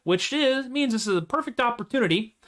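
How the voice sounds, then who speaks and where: A man's voice: very high-pitched, animated, a little fast, a bit bright. A man hosting a home livestream of comedy songs, chatting in a playful, self-deprecating, rambling way. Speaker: host and singer-songwriter. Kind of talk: casual livestream chat between comedy songs. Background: acoustic guitar strumming.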